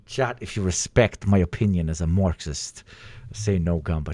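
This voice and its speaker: A man hosting a livestream in casual chat, excitable and swearing, pleading loudly with his viewers. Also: sits low, normal speed, no echo. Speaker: livestream host.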